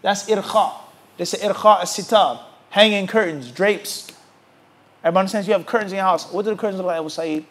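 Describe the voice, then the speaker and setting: A man with a high-pitched voice teaches a religious class. He is emphatic and animated. He keeps putting questions to his listeners and pausing for them to fill in the answer. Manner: rhetorical questions asked to the audience. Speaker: Islamic teacher.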